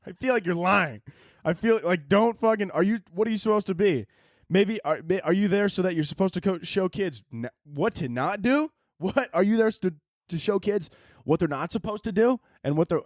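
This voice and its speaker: A young man hosting a podcast, telling comedic stories in an animated, profane, mocking way. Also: high voice, dry recording, clean studio sound. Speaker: podcast host. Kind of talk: comedic storytelling monologue.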